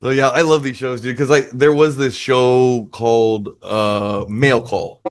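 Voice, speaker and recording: Male podcast co-host, loose and profane, mid-pitched, laughs easily. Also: fairly even intonation, unhurried. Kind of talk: casual profane chat.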